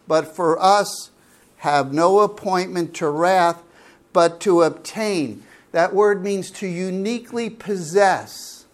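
A man preaching a sermon, asking the congregation questions and explaining Greek words with slow, drawn-out emphasis. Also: sits high. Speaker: pastor. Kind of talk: sermon Bible teaching.

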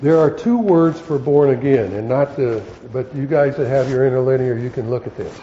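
A man's voice: mid-range voice, mellow, muffled recording, a little hiss or hum. A man, a pastor teaching a Bible lesson to his congregation, explaining words one at a time and often stopping to correct himself. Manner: halting, self-correcting, explaining word by word.

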